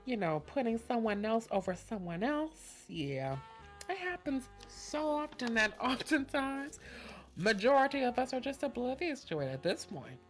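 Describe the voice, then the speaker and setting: Sassy woman podcast host. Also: high voice. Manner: sassy, slangy, laughs often. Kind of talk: casual monologue.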